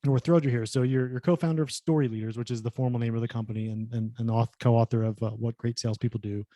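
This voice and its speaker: Mellow-voiced man hosting a chat. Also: medium pitch, fairly even intonation, dry recording. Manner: halting, repeats words. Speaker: host. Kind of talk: casual interview.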